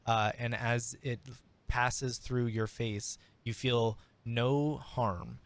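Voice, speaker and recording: A man's voice: medium pitch, fairly even intonation, very slow, clear, resonant tone. A man narrating as game master of a tabletop game, rambling with fillers and sudden bursts of speed.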